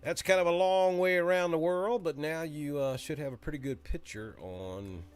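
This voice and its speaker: Over soft background music, a middle-aged Alabama man with a Southern accent speaks at a moderate pace in a smooth, fairly high voice. He hosts a casual live weather chat in a folksy, chatty style.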